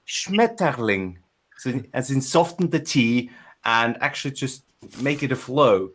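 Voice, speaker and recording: A man of middling pitch in relaxed podcast chat. He stumbles, repeats words and restarts sentences as he gropes for the right phrase. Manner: halting, repeats words while searching for them. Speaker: podcast co-host. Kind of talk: casual chat.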